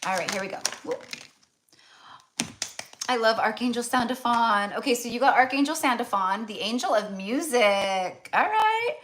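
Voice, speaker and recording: A woman's voice: fairly high pitch, expressive, normal speed, fairly bright tone, a little hiss or hum. An American woman giving a casual tarot reading, chatty and full of fillers and restarts. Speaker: tarot reader.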